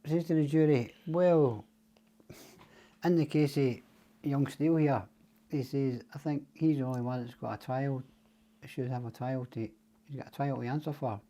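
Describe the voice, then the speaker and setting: An older Scottish man appears as a podcast guest, telling stories in casual chat with a mellow, medium-pitched voice. He swears freely and acts out the voices of the people he quotes.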